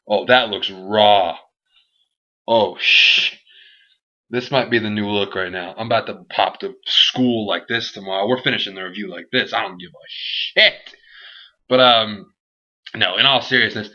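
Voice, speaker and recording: A young man reviewing a wrestling show in a casual, animated, rambling and jokey way. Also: on the low side, a little slow. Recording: dull lo-fi home recording.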